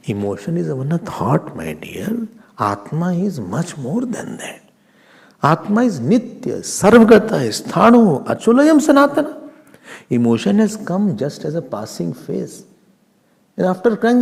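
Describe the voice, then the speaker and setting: Man, swami teaching vedanta, lively pitch, gravelly edge, long hall echo. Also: a little slow. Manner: animated, humorous, mixes Hindi with English, chants Sanskrit verses. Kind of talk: scripture class lecture. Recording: reverberant hall.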